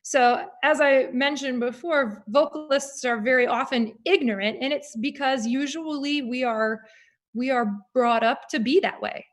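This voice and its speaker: Guest woman singer, somewhat high-pitched, animated conversational delivery. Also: unhurried. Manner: animated, reflective, with frequent fillers. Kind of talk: conversational interview.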